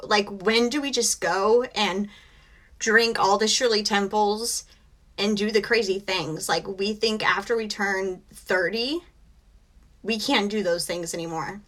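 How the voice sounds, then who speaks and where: A bright-voiced woman in her thirties talks to her viewers on a live stream. She is exhausted and emotional, and she rambles along in a chatty, run-on way. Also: mid-range voice, unhurried. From United States. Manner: chatty and emotional, says she is close to tears. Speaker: host of a reselling live stream. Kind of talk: casual chat on a live stream.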